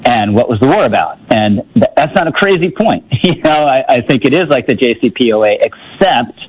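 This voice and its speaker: A man's voice: mid-range voice, lively intonation, brisk, slightly rough, dull audio. A man giving political commentary on a talk radio show, wry and skeptical, often restarting his sentences.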